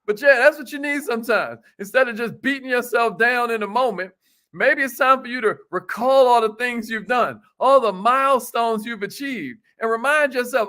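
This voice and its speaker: High-voiced hype motivational man. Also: normal speed, sharp tone. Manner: hype, slangy, repeats phrases, laughs often. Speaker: motivational coach, live stream host. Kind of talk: casual motivational live stream.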